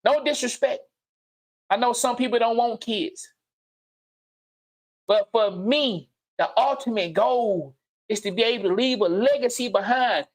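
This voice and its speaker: A man hosting a livestream and giving an unscripted motivational monologue, blunt and profane, repeating phrases and swinging from low murmurs to loud outbursts. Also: unhurried, long pauses. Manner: blunt, preachy, profane street slang. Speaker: livestream host. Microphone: streaming mic.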